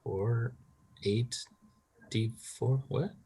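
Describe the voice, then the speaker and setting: Laid-back male game master, mid-pitched, casual filler-heavy narration. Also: fairly even intonation, extremely slow, dark tone, husky. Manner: loose, casual, with many fillers.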